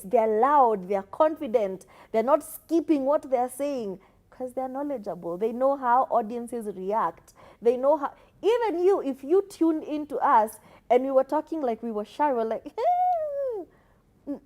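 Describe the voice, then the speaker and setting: A woman's voice: sits high, expressive, moderate pace, a little mellow. A woman from Kenya co-hosting a casual podcast chat, emphatic and opinionated, sometimes mimicking others. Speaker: podcast co-host.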